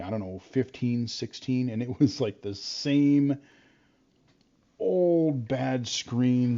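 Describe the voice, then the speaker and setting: A man's voice: on the low side, darkish tone. A man telling stories from school in a casual, rambling way, full of fillers and restarts. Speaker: vlogger. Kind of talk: casual storytelling. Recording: dull lo-fi sound.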